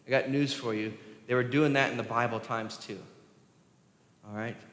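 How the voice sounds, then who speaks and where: A man's voice: mid-range voice, fairly even intonation, moderate pace, fairly bright tone. A male pastor, preaching a sermon in a conversational style that rises for emphasis. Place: church sanctuary. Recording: echoey hall reverb.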